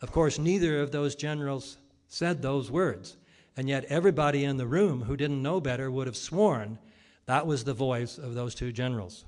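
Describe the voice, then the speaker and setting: A man delivers a public lecture argumentatively, posing rhetorical questions and pausing with plenty of ums and uhs. His voice is medium-pitched and a little mellow.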